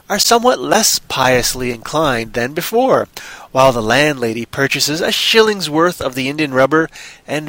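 A man's voice: medium pitch, a bit bright, dry recording, rough recording. Dry-sounding man host reading aloud. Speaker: podcast host. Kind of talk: story reading, then interview chat.

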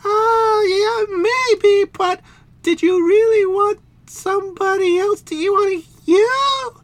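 A shrieking haughty princess. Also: male voice, very high voice, slow pace, no echo, voice pushed up, full character voice. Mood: shrill. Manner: shrieking, indignant. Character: high-pitched shrill haughty young princess.

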